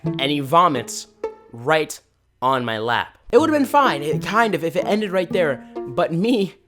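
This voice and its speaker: A man telling embarrassing stories in a lively, self-deprecating comic style. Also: a little high, unhurried, music in the background. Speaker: storyteller. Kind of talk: animated storytime narration.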